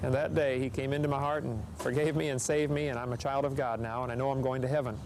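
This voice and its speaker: A middle-aged man preaching to teenagers, with earnest, animated storytelling. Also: mid-range voice, fast, a little hiss or hum. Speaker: evangelist speaker. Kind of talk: sermon to teenagers.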